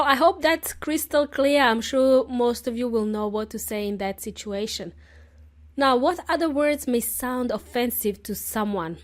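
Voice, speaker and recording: A woman hosts an English lesson podcast, explaining polite phrases slowly and often checking in with "okay?". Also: a little high. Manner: friendly, explains slowly and spells out words; laughs often, says okay often. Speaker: English teacher and podcast host.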